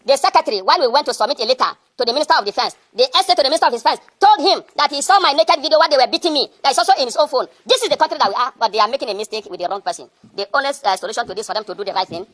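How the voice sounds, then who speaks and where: Nigerian woman, earnest student leader, very rapid delivery. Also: high-pitched, expressive, a bit bright. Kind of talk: public address.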